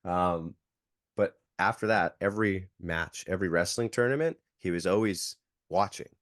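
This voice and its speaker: Guy in his thirties, low voice, chatty storyteller who leans on "like" and acts out quotes. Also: normal speed, fairly bright tone, no room sound, studio quality. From Canada. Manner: filler-heavy, acts out quotes. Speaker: podcast guest, jiu-jitsu coach. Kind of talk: casual storytelling.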